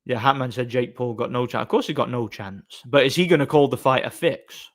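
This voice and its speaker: A man's voice: mid-range voice, fairly quick. A man chatting casually on a live stream, reading comments and rambling sarcastically with many fillers and restarts.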